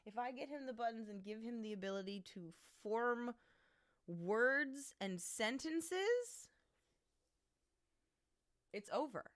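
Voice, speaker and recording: A woman streamer chatting casually at home, playfully scolding her cat, with loud outbursts and low mutters. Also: a little fast, few pauses. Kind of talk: casual live-stream chat.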